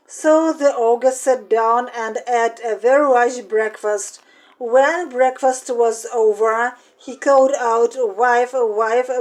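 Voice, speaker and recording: A woman reading a fairy tale aloud, slow and deliberate, savoring the repetitions. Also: on the high side, poor audio. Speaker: storyteller.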